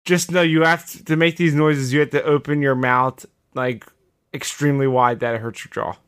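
A man's voice: on the high side, fairly even intonation, moderate pace, a bit bright, clean tone. Exasperated male podcast host. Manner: exasperated, laughing, explaining. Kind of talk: casual comedy chat.

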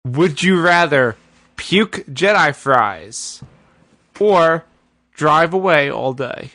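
A man hosts a casual comedy podcast and reads out questions. His voice is bright and forceful and sits a little high. The sound is dry and close. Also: expressive, very slow, no echo. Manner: teasing, exasperated groaning at jokes. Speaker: podcast host.

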